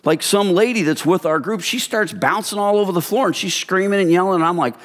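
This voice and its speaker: A man preaching a sermon in a conversational, animated storytelling manner, often speaking directly to the congregation. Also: sits high, brisk. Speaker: pastor. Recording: long hall reverb.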